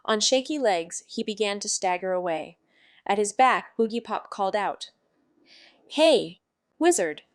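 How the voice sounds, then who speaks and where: A woman narrating an audiobook in a measured, subdued way. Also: medium pitch, no room sound, clean studio sound. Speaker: audiobook reader.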